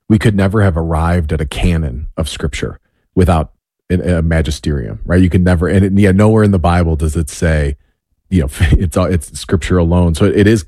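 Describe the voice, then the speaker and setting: Male interviewer, very low warm voice, thoughtful follow-ups. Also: dry recording, clean studio sound. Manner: thoughtful, affirming, asks follow-up questions. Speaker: host. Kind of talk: casual interview.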